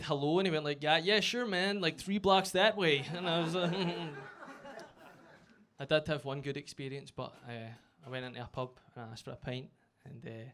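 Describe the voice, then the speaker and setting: A Scottish man doing a chatty, self-mocking stand-up routine on a comedy club stage, bursting into shouted punchlines. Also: a little high. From Scotland.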